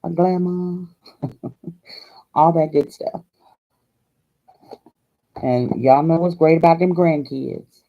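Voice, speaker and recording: A woman's voice: low voice, slow, pauses often, phone-quality sound. An older woman from Hawaii hosting a crafting vlog, chatting in a folksy, chatty way and laughing often. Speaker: crafting channel host.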